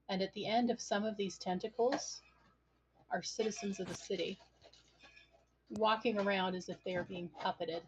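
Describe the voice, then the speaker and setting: A woman's voice: medium pitch, slight background noise, low-quality recording. A woman narrating as game master of a tabletop game, speaking in a descriptive, hesitant way with frequent fillers.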